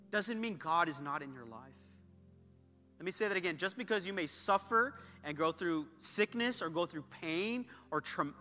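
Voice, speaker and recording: A man preaching a sermon as pastor, impassioned and swelling louder as he prays. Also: sits high. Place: church sanctuary. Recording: church hall reverb with soft music.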